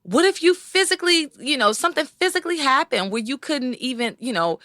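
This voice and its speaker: A young woman co-hosting a podcast, telling stories in a casual, animated way and acting out the people she quotes. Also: sits high, fairly quick, no room sound, clean studio sound. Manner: animated storytelling, acts out quoted voices. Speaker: podcast co-host. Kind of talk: casual conversation.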